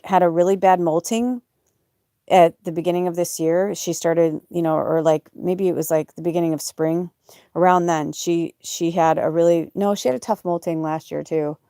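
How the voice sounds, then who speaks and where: A woman's voice: on the low side, warm tone, no room sound, clean studio sound. A woman podcast host talking in a rambling, emotional way, full of fillers and restarts, in a casual personal monologue. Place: off-grid home or van.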